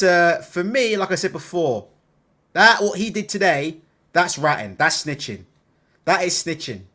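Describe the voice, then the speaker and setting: A man hosting a casual boxing livestream, animated and bantering, swearing freely. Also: sits high. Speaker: boxing channel host.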